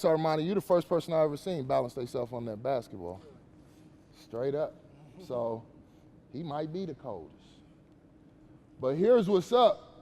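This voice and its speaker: A man's voice: a little high, darkish tone, big-room sound. A man giving a casual, slangy motivational talk to young players at a basketball camp, questioning the kids as he goes.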